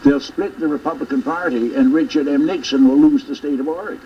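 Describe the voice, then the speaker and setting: A man's voice: fairly high pitch, fairly even intonation, fast, a little hiss or hum. An older man, a former governor and author, telling reflective stories in an interview about his memoir. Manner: storytelling, reflective. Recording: dull, slightly distant broadcast audio.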